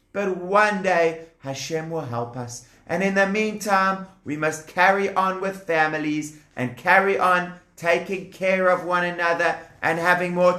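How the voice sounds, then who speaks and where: A man voicing a gentle, brave wife speaking softly and reassuringly in a children's storybook tale. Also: a little high, full character voice. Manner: soft, soothing reassurance. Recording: echoey room.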